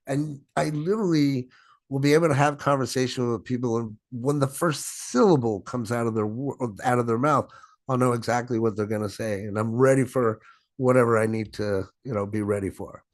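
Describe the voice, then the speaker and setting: A man's voice: medium pitch, fairly quick, dry recording. Emphatic middle-aged male sales trainer. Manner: emphatic, stretches and stresses words; frequent "right?" tag questions. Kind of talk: business training presentation.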